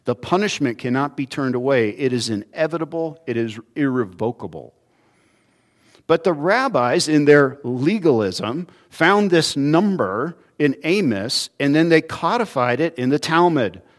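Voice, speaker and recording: A man's voice: fairly high pitch, animated, unhurried. A man who is a pastor, preaching a sermon in a conversational way and acting out small everyday dialogues. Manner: conversational, acts out little dialogues.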